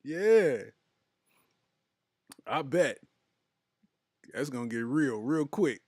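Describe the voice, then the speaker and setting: A man's voice: mid-range voice, expressive, very slow, a little mellow, slightly rough, no room sound, clean studio sound. A man hosting a comedy podcast, reading his live chat aloud in loose, slangy talk and breaking into laughter often.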